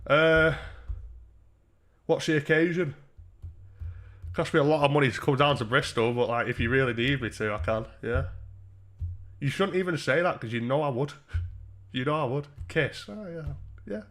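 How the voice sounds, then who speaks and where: Sweary lad streaming. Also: male voice, on the high side, normal speed, pauses often, fairly bright tone. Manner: sweary, blunt, laddish banter. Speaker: livestream host. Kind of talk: live-stream banter reacting to donations. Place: seated under a bright light indoors.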